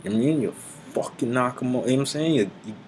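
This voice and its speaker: A man giving an informal Bible teaching, mixing street slang and swearing with slow, deliberate scripture reading. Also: mid-range voice, animated, a little mellow, slight background noise, low-quality recording.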